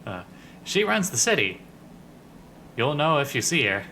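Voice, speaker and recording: A man's voice: medium pitch, big pitch swings, measured pace, bright, forceful tone, a little hiss or hum, pitched above the performer's own voice, heavily acted. A man voicing a wisecracking floating male skull who gives blunt, offhand warnings in a video game. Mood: wry.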